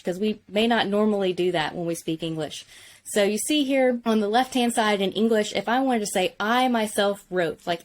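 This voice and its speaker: A woman with a medium-pitched voice teaches Biblical Hebrew in a relaxed, conversational way. She's enthusiastic and explanatory, and she says "like" a lot.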